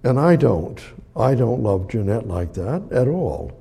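A man preaching a sermon, emphatic and repetitive, swinging between loud declarations and soft near-whispers. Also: mid-range voice, sing-song, a little slow, gravelly, breathy edge.

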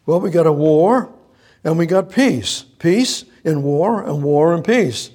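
A man preaching a sermon, halting and repeating himself, firing off rhetorical questions. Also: a little high, animated, warm tone.

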